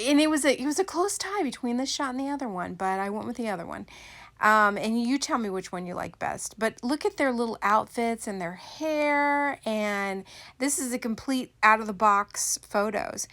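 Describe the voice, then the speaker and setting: A woman's voice: a little high, lively intonation, normal speed, a bit bright. A middle-aged woman chatting casually to camera about her doll collection. She rambles and makes joking, self-deprecating asides. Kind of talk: casual unboxing chat to camera.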